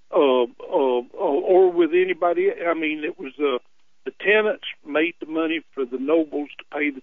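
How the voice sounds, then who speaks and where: A man calling in to a radio show, speaking haltingly with many filler sounds. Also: on the high side, no echo. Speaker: caller. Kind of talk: phone-in call. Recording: tinny phone line.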